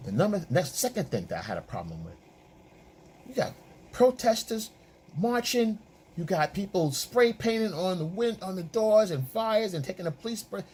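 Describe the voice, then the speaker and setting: A man's voice: sits high, big pitch swings, moderate pace, darkish tone, a little hiss or hum. A man working as a dating and relationship coach, giving opinion commentary in an emphatic, repetitive, lecturing way.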